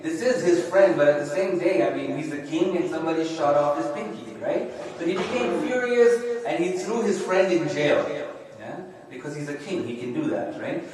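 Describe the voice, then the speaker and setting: Man preaching in an echoey hall. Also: fairly high pitch. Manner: conversational, often adds tag questions "right?" and "yeah?". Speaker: sheikh giving a religious lecture. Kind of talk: sermon. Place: Islamic center lecture hall. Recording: echoey hall, heard from a distance.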